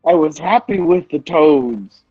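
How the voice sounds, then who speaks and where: A man's voice: on the high side, animated, unhurried, no room sound, soft background music. A man playing a tabletop game, easygoing and joking, laughing and swearing casually. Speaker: player. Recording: dull, dry lo-fi mic.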